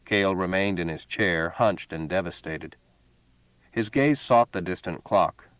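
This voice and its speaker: A man reads a story aloud in a measured, even way, his voice on the low side. The recording is dull and lo-fi, with a dry, close sound. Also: no echo. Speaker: audiobook narrator. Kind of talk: scripted narration.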